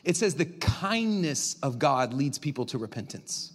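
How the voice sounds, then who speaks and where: A male pastor preaching a sermon in an animated, conversational way, swinging from loud to quiet. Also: mid-range voice, measured pace.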